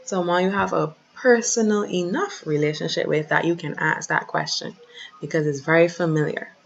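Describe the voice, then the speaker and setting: A woman teaching a French lesson online, carefully pronouncing each phrase slowly for her students. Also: on the low side, creaky, muffled recording.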